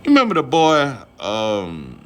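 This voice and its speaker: A man's voice: medium pitch, huge pitch swings, a little slow. A man vlogging about boxing in a casual, rambling, profane rant full of fillers.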